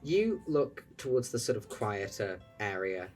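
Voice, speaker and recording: A man's voice: on the low side, measured pace. Game master guy, easygoing narration, faint music under. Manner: relaxed, descriptive, with fillers.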